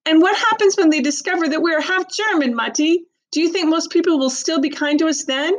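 A woman's voice: very high voice, brisk, voice pushed up. A woman reading aloud, voicing an anxious young girl who asks pleading questions. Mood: worried.

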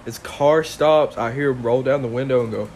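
A man's voice: mid-range voice, normal speed, a little mellow, slight background noise. A man telling a wild story bluntly in casual podcast chat. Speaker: podcast co-host.

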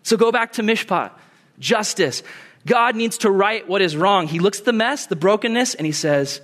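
A young man preaching a sermon in an animated way, acting out quoted voices and laughing easily. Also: sits high, normal speed. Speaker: pastor.

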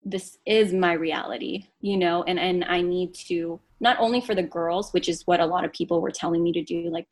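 Earnest woman reflecting in a low voice. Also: steady tone, brisk, hardly any pauses. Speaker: guest. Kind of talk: casual podcast conversation.

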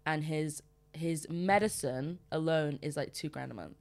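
A woman co-hosting a podcast, chatting casually and telling stories with quick asides. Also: deep voice, a little mellow. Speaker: podcast co-host. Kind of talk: casual chat.

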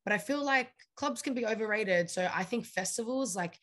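A woman's voice: on the high side, animated, normal speed, a bit bright. A woman from Australia, a podcast guest, chatting casually and enthusiastically. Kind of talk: casual interview chat.

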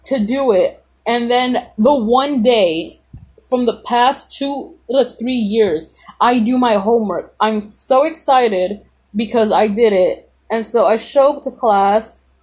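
A woman's voice: a little high, slow pace, darkish tone, breathy edge. A woman casually telling a rambling personal story on a podcast, full of "like" and reenacted dialogue. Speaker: podcast host.

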